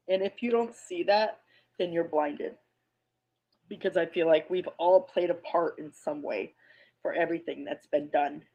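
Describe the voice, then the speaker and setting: Subdued hesitant woman, muffled lo-fi audio. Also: fairly low pitch. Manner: subdued, hesitant, many pauses and ums. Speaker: community member making a statement. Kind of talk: personal statement addressed to an online community. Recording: muffled lo-fi audio, played back on a stream.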